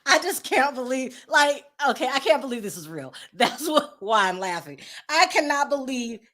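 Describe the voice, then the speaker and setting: Woman, gossip commentary host, sassy, exasperated, high-pitched voice. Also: sing-song, normal speed, fairly bright tone. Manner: sassy, exasperated, breaks into laughter. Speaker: channel host.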